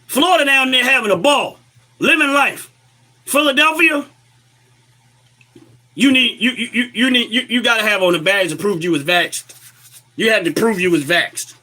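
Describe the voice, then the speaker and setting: A man's voice: very high voice, moderate pace, long pauses, sharp tone. A man giving impassioned political commentary, emphatic and lecturing, firing rhetorical questions at his listeners.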